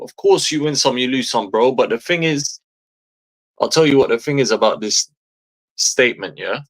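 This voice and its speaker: A man's voice: mid-range voice, animated, moderate pace, fairly bright tone. A man, delivering an exasperated, profanity-heavy fan rant as a football streamer, hammering his points home by repeating phrases. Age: 30s.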